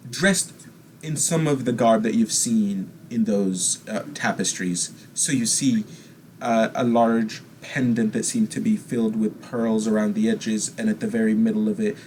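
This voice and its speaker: A man narrating a tabletop game as game master, describing scenes at an unhurried pace with frequent fillers. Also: fairly low pitch, a little mellow, a little hiss or hum.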